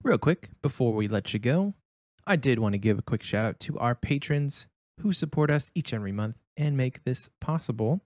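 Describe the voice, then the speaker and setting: An easygoing male podcast co-host who gives friendly advice and laughs easily. His middle-pitched voice sounds close and dry, with no room behind it. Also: animated, moderate pace, darkish tone, no room sound. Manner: easygoing, advising, laughs often. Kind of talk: casual chat and show sign-off.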